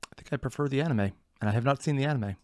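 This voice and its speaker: Racing along at medium pitch, a reaction-video host talks casually with plenty of sarcasm. He wanders into rambling asides, pokes fun at himself, and swears often and freely.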